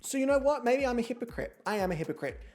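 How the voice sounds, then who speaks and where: A woman's voice: on the high side, lively intonation, fast talker, a little mellow, faint music behind. Sarcastic, foul-mouthed woman streamer. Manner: sarcastic, profane, theatrical rants. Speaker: gaming streamer. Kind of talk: casual gameplay commentary. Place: home.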